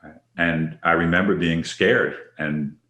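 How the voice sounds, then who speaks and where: A man hosts a leadership podcast as a facilitator, reflecting on the topic in a conversational, affirming way and inviting each guest in by name. His voice sits low, steady, bright and forceful, a little slow. The recording has a roomy echo.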